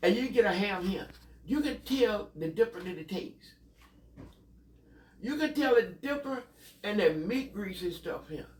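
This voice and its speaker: A man's voice: sits high, lively intonation, normal speed, pauses often, reverberant, far from the mic, slight background noise. A man, rambling through profane, laughing childhood memories. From Mississippi, US South. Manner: rambling, profane, laughs often mid-story. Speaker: storyteller. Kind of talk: casual reminiscing.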